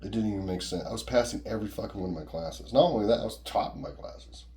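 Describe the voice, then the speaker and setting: A man's voice: on the low side, quick pace, mellow. A man casually telling a personal story in a rambling, profane, conversational way.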